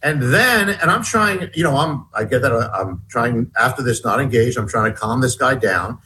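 A man being interviewed as an author, telling a story in a halting way, restarting and repeating his words as he goes. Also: medium pitch, lively intonation, bright, forceful tone, slight background noise, low-quality recording. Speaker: guest author.

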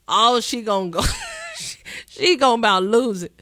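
A woman's voice: on the high side, sing-song, unhurried, a bit bright, no echo, clean studio sound. A woman hosting a podcast, giving casual political commentary with sarcastic, playful asides. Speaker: podcast host.

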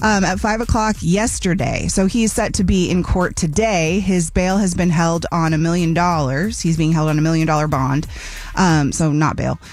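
Low-voiced woman chatting the morning news. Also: moderate pace, no echo. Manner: chatty, conversational news read. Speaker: radio co-host. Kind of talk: morning radio news segment.

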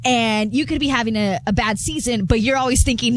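A woman co-hosting a sports radio show, chatty and teasing. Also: fairly high pitch. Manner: teasing, talkative, quick to laugh. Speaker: radio co-host. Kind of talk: casual sports radio chat. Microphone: studio microphone.

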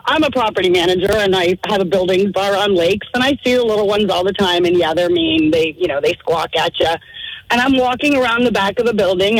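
Woman, radio caller, brisk, matter-of-fact, raspy, dry close sound. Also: fairly high pitch, no room sound, rough recording. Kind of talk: telling a story on a call-in show.

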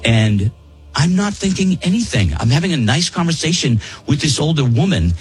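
In a rough recording, a man with a slightly high voice and big pitch swings speaks at normal speed. Chatting with friends on a podcast, he tells a rambling story, cutting himself off, restarting sentences and repeating words.

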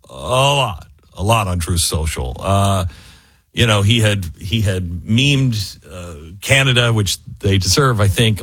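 A man's voice: on the low side, fairly bright tone, breathy edge, no room sound. A man hosting a casual commentary monologue, wry and sarcastic, with many fillers and restarts, recorded close in a dry room. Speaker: talk show host.

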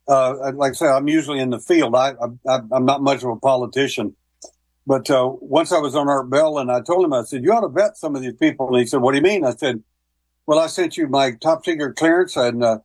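A man's voice: fairly high pitch, darkish tone, breathy edge, dry recording, low-quality recording. A man telling long stories as a guest on a call-in radio talk show, with many fillers and restarts. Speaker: guest, paranormal investigator. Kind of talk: casual radio interview.

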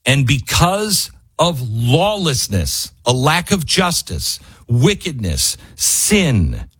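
A man's voice: a little high, very animated, slow pace, fairly bright tone, breathy edge, no echo, clean studio sound. A man hosting a talk radio show, delivering an impassioned, frustrated monologue and raising his voice at times. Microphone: studio microphone.

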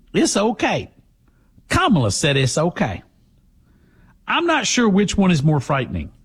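A sarcastic talk host with a husky, fairly high voice that swings widely in pitch. He delivers emphatic opinion commentary, leaning hard on his punchlines.

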